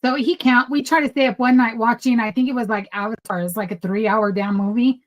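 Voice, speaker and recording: A young woman with a slightly high voice talks in a relaxed, casual way. She tells stories with lots of energy and slips into acting out both sides of the conversations she describes. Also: a little fast, rough recording. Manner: animated storytelling, acts out quoted dialogue. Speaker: podcast co-host. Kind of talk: casual chat.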